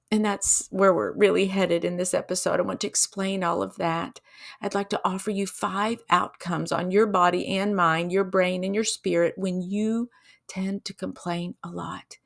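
A woman hosting a devotional podcast, talking earnestly and emotionally, telling a story slowly and putting questions to her listeners. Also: mid-range voice, vocal fry. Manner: preacherly, asks listeners questions. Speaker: podcast host.

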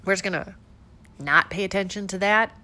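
A woman hosting casual political commentary, sarcastic and animated, firing off rhetorical questions with a stuffed-up nose. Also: medium pitch, normal speed.

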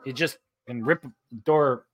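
A man's voice: mid-range voice, unhurried, a bit bright. A man co-hosting a podcast, asking puzzled questions and cracking crude jokes during a movie. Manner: quizzical, crude, wisecracking. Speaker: podcast co-host. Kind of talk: casual movie watch-along banter.

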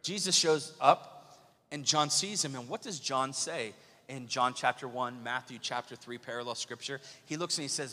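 A man preaching a sermon as pastor, lively and questioning the congregation. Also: medium pitch, moderate pace. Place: church sanctuary. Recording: long church hall reverb.

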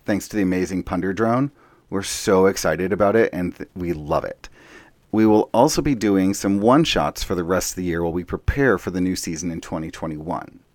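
A man's voice: low-pitched, a little mellow, no echo. A man hosting a tabletop podcast, reading announcements in a friendly, upbeat way. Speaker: podcast host and player. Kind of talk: read announcements and casual chat.

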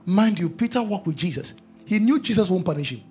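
A man's voice: sits high, lively intonation, brisk, warm tone, soft background music. A male preacher delivering a sermon, emphatic and repeating his key phrases.

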